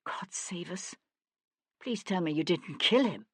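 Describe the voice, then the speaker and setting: A woman's voice: on the low side, very animated, measured pace, dry recording, studio quality, heavily acted. Woman playing a frightened young actress. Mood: anguished.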